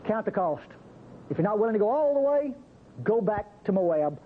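A man preaching a sermon, acting out the biblical speakers with sudden jumps in pitch. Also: big pitch swings, moderate pace. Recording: muffled, faintly noisy old recording.

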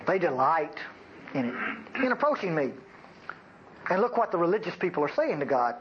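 A man's voice: fairly high pitch, big pitch swings, moderate pace. A man preaching a folksy, bantering sermon to his congregation, in a dull lo-fi recording. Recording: dull lo-fi recording, faint noise.

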